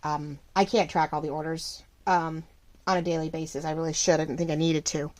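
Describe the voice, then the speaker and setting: A middle-aged woman running a small shop, chatting casually and rambling while she crafts, full of fillers and lively ups and downs. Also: sits low, a little fast, no room sound. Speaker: craft vlogger and shop owner.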